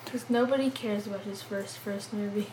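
A woman in a casual film chat, teasing and throwing in quick quips. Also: medium pitch, fairly even intonation, darkish tone, slight background noise, poor audio.

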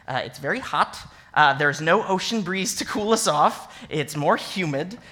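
Brief: young male minister, bright forward voice, chatty animated sermon delivery with sarcastic asides. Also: fairly high pitch, a little slow. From American Midwest. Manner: animated and conversational, acts out scripture with sarcastic emphasis. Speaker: associate minister.

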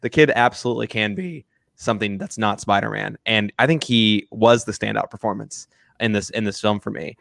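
A man's voice: lowish voice, fairly quick, gravelly, a bit bright, no echo, studio quality. A man co-hosting a casual film review chat, rambling with many restarts and fillers. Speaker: film review podcast co-host.

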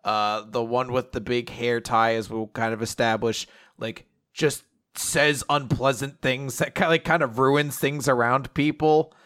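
A man's voice: mid-range voice, steady tone, measured pace, few pauses, a bit bright, clean tone. A man co-hosting a casual manga podcast who talks enthusiastically, swears freely and fills his sentences with "like". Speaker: podcast co-host.

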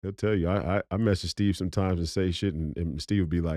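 A podcast co-host lectures at length in casual talk, wordy and stumbling over many restarts. His low-pitched, mellow voice is steady and fast, captured as a dry, clean studio recording.

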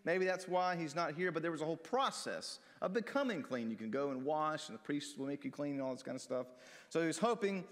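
Conversational preacher in an echoing hall. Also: male voice, on the high side, big pitch swings, fast. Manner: conversational, asks the congregation questions. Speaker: pastor. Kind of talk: sermon with Bible reading. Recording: long reverb of a large hall.

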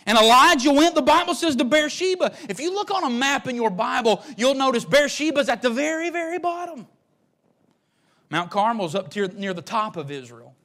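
A high-voiced man preaching a sermon. He goes from hushed and low to loud and shouting, and he repeats his phrases in a folksy way. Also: animated, normal speed. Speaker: pastor.

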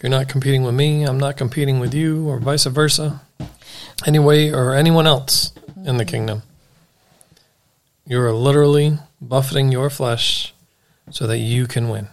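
A man joining in a Bible study discussion, chiming in with affirmations and reading verses aloud. His voice sits at a middle pitch and carries a gravelly edge. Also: fairly even intonation, moderate pace. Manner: adds affirmations and scripture.

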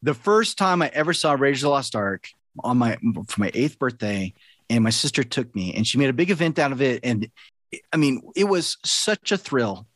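A man's voice: medium pitch, sing-song, moderate pace, a bit bright, no echo. A middle-aged man, a podcast host, chatting casually and telling an earnest story.

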